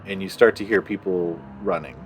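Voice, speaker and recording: A man narrating as game master of a tabletop game, relaxed and laughing, drawing his descriptions out. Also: low voice, brisk, a little hiss or hum.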